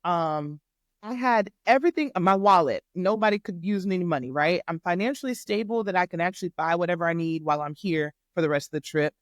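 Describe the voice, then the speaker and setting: Animated woman telling a faith testimony. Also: fairly low pitch, brisk, no room sound, studio quality. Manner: animated, emphatic storyteller acting out dialogue. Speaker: podcast guest, life coach. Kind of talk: faith testimony storytelling in casual chat.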